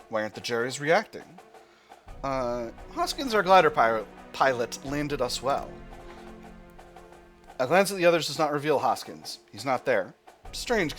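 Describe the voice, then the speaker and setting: A man at a mid-range pitch hosts a gameplay video, reading narration and musing aloud over each move. He often stops and restarts his sentences as he thinks. Soft music plays behind him. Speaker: gaming channel host. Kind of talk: let's play commentary, reading game text aloud.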